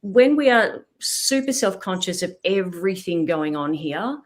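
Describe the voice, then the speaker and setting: A woman's voice: fairly low pitch, animated, measured pace. A middle-aged woman, a voice specialist, explaining and demonstrating vocal technique in an interview. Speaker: voice specialist guest. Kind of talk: expert interview talk.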